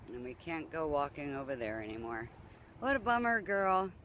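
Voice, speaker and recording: A man's voice: on the high side, big pitch swings, moderate pace, pushed and bright, a little hiss or hum. A man walking his dog outdoors by a lake, coaxing and teasing it in playful baby talk as he films on a handheld phone. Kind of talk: casual chat to a dog.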